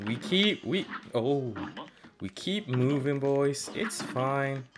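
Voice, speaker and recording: A young man giving casual gaming commentary, swearing and frustrated, with loud outbursts. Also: mid-range voice, lively intonation, slow, music in the background. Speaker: gameplay streamer.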